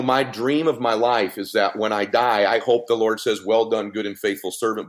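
Earnest middle-aged man telling a story. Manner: earnest, emphatic storytelling with wide pitch swings. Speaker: podcast guest, motivational speaker. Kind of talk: heartfelt podcast conversation.

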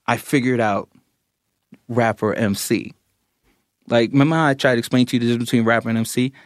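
Storyteller, male, animated; dry close sound, jumps high when quoting others. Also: no room sound. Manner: animated, acts out other people's quotes with big pitch jumps. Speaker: guest recounting a story. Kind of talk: casual anecdote.

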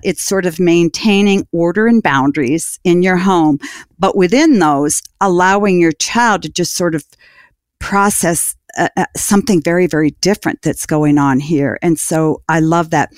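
A woman's voice: fairly low pitch, no room sound, clean studio sound. A woman hosting an interview, asking questions and affirming her guest with frequent murmurs. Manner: warm affirming listener, frequent mm-hmms. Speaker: interview host. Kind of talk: conversational radio interview.

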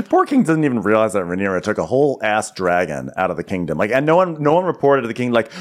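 A man's voice: fairly low pitch, sing-song, fast talker. A man co-hosting a podcast, recapping a TV episode with wry, playful asides. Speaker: podcast co-host. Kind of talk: comedic TV recap chat.

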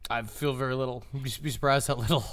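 A man co-hosting a comedy podcast in casual chat, loud and joking, at times sinking into a mock hushed murmur. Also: mid-range voice, fairly even intonation, fast talker. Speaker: podcast co-host.

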